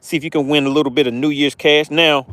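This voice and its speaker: A man hosting a live fishing stream from a boat outdoors, reading chat and shouting playful catchphrases. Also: on the high side, little pitch movement, quick pace, dry recording. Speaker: fishing livestream host.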